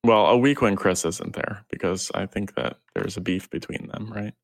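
A man's voice: fairly low pitch, moderate pace. A man hosting a casual gaming podcast, easygoing and laughing between remarks. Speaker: podcast host.

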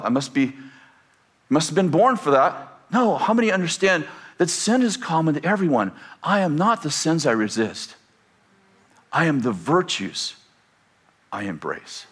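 This is a man delivering a sermon as a pastor, his voice fairly high and a bit bright. He puts rhetorical questions to the congregation and dramatizes quoted voices.

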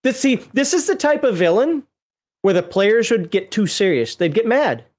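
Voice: mid-range voice, big pitch swings, moderate pace, darkish tone. A co-host in casual chat, reading entries from a game book aloud with playful asides and frequent laughter.

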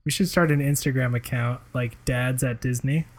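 A man's voice: medium pitch, steady tone, moderate pace. A man co-hosting a podcast, telling laid-back anecdotes in a casual comedic chat. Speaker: podcast co-host.

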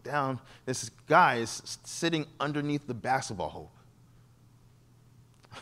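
A man preaching as a guest, telling stories from the pulpit and acting out the voices of the people in them. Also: a little slow. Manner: animated, acts out quoted people with shifting pitch. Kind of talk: sermon storytelling.

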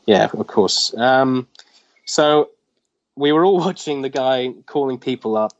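A man's voice: mid-range voice, a little slow, no echo. A man in his twenties, a comic artist, recounting a story as a guest in a casual interview, with lots of fillers. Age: 20s. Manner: rambling, animated retelling with filler words. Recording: dull lo-fi dry recording.

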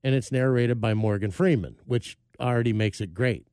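A man's voice: medium pitch, moderate pace, warm tone, smooth, no echo, clean studio sound. A middle-aged man hosting a show, telling a rambling, self-mocking story in casual chat. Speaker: show host.

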